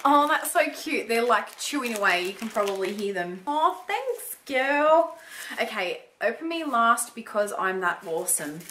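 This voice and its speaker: Gushing high-voiced woman. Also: sing-song, unhurried, background noise. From Australia. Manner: gushing, gasping, lots of "oh my God". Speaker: beauty vlogger. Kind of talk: excited unboxing chat.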